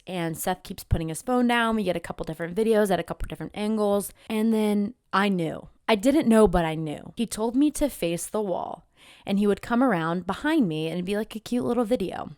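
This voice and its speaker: A young woman vlogging as a travel content creator, telling a story in a chatty, animated way and acting out the voices of the people in it. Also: on the low side, clear, resonant tone, no echo, studio quality. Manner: chatty, animated, acts out quoted voices with many "like"s. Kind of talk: casual storytelling vlog.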